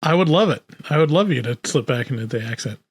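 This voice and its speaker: A man co-hosting a podcast, thinking aloud in a relaxed, casual chat about movies. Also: medium pitch, quick pace, husky, dry recording. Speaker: podcast co-host.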